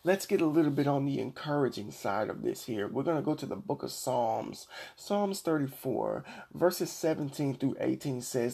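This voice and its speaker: Gravelly earnest man preaching on a podcast. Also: medium pitch, expressive, dark tone. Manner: earnest preaching, slows down to read scripture. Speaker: podcast host. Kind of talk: Christian devotional podcast talk.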